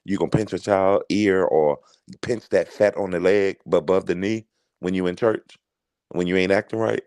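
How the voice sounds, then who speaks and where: A man co-hosting a livestream in relaxed, chatty talk. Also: deep voice, normal speed, clear, resonant tone, no echo. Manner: relaxed, chatty, thanks viewers. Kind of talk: casual livestream chat.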